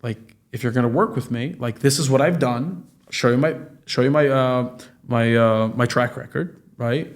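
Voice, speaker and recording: A man's voice: medium pitch, moderate pace. A man in his late twenties talking casually and acting out the people in his stories, with plenty of profanity. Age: 20s. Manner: animated storytelling, profane, acts out quoted dialogue. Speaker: guest, real estate business owner. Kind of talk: casual podcast conversation.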